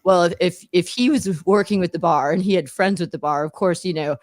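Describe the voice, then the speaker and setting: A woman's voice: lowish voice, brisk, darkish tone, no echo, studio quality. A middle-aged woman, a former attorney hosting a podcast, tells stories in casual chat, meandering and often laughing mid-sentence.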